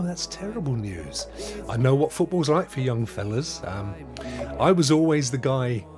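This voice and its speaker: A chatty man hosting a live stream, his voice sitting a little high and bouncing all over the place as he greets viewers. He keeps it upbeat and laughs easily, with soft music playing underneath. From England. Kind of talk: casual live chat, reading viewer comments.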